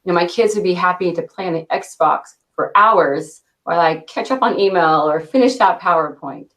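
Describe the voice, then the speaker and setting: A woman in her thirties, a company director answering interview questions with a quick cadence and frequent light laughs. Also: on the low side, a bit bright. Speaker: interview guest, product launch director.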